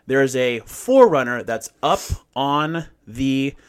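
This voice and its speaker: A man's voice: mid-range voice, slow pace, clear, resonant tone. A man casually telling a long story, swearing freely and acting out what people said. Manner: profane, animated storytelling with acted-out quotes. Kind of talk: casual chat.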